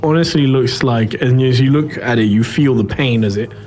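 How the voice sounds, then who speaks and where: A man's voice: medium pitch, moderate pace, a little mellow. A man running a tabletop role-playing game as game master, narrating in a hesitant way with many fillers and restarts.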